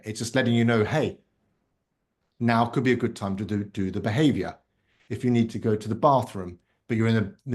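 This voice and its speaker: A man's voice: medium pitch, darkish tone. A man leading a live online masterclass on a video call, explaining ideas in a conversational way and checking in with "right?". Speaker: workshop instructor.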